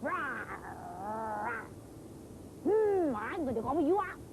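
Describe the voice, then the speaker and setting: A woman plays a scary, ugly troll in a children's TV story, growling and roaring as she waits for her dinner. The voice swoops widely and sits high. A noisy studio hums behind her. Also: very animated, slow pace, exaggerated voice. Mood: growling, hungry. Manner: growls and roars between lines.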